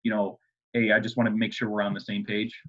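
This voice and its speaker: A man's voice: lowish voice, monotone, fast. A man interviewing as a club coach, asking questions hesitantly with many fillers. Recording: dull lo-fi audio.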